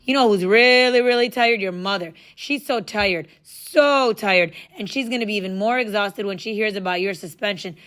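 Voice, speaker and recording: A woman voicing a gruff male track coach who barks and needles. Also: medium pitch, normal speed, hardly any pauses, fairly bright tone, close to an everyday voice. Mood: needling. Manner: barking, teasing.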